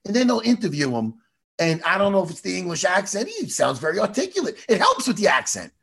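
A man's voice: high-pitched, huge pitch swings, quick pace, creaky, a bit bright, breathy edge. An American man hosting a casual interview, rambling and joking with lots of swearing. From United States. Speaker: podcast host.

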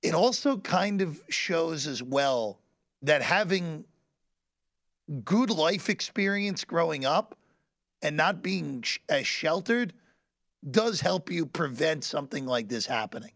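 Halting man with a slightly high voice. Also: expressive, a bit bright, no room sound. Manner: halting, repeats words while gathering thoughts. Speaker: podcast co-host. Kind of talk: casual sports chat.

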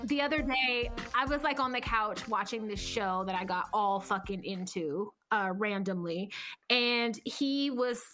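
A woman's voice: mid-range voice, measured pace, sharp tone, faint music behind. A woman co-hosting a podcast, telling a story in casual chat, swearing and laughing as she goes. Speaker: podcast co-host.

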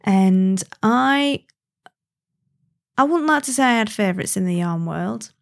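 A woman's voice: mid-range voice, animated, a little slow, vocal fry. A woman hosting a podcast in casual chat, bubbly and gushing, laughing often. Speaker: podcast host.

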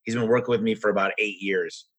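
A man hosting a podcast and telling business stories in an energetic, frank, rambling way. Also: on the low side, quick pace, slightly rough. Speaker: podcast host and business owner. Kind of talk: casual conversational storytelling.

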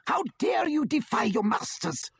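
A cruel witch shrieking in a high, swooping voice, as a man puts her on for an audiobook. She bawls every line at her servants with slow, heavy fury. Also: big pitch swings, vocal fry, a bit bright, breathy edge, heavily acted. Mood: outraged. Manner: shrieking, bawling.

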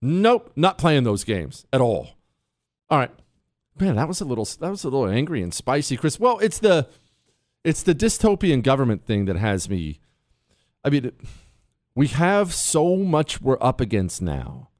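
Combative talk radio host with swinging pitch. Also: male voice, big pitch swings, moderate pace, no echo, studio quality. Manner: combative, emphatic, swings between loud outbursts and low asides. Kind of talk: opinionated talk radio monologue.

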